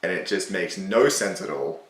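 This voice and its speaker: A man's voice: low voice, expressive, moderate pace, echoey room, recorded from a distance. A man hosting a casual, self-mocking commentary on his own old video, sarcastic and swearing freely.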